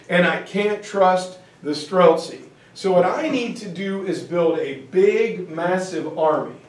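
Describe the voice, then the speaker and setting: A man voicing a boastful young male tsar who talks bluntly and brashly, recorded in an echoey room from a distance. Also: high voice. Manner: brash and blunt, streetwise phrasing.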